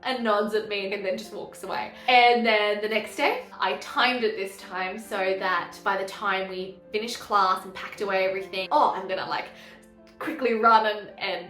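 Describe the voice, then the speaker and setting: A young woman telling her love story as a personal testimony, earnest and animated, acting out what was said. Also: mid-range voice, moderate pace. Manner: earnest, animated, acts out quotes. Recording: echoey room with faint music.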